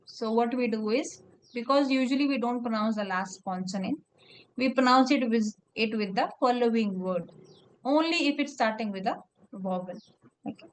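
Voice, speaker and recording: A woman's voice: on the high side, normal speed, slight background noise, low-quality recording. A woman teaching French pronunciation in a one-on-one lesson, explaining patiently step by step. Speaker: French tutor.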